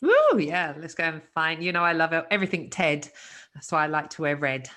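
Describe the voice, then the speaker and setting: A woman's voice: low voice, steady tone, fast talker, pushed and bright. A British woman hosting an interview, laughing often as she talks. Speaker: interview host. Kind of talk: interview conversation.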